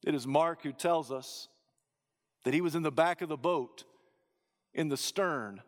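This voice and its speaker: A man preaching a sermon, rising to loud emphatic peaks and dropping to low, hushed phrases. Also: a little slow, in a large hall.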